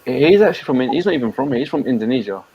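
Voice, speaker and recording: A man with a London accent chatting casually on a live stream in quick, slangy banter. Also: mid-range voice, animated, creaky, breathy edge, dull audio.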